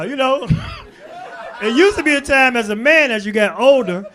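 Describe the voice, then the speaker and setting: A man performing a stand-up comedy set in a club, working the crowd with loud bursts and low asides. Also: animated, normal speed. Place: comedy club stage before a laughing crowd. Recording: live club recording with crowd laughter. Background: audience laughter.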